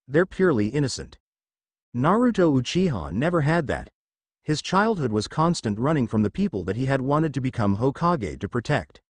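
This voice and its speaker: A man's voice: medium pitch, darkish tone, dry recording. Man narrating a fan fiction story.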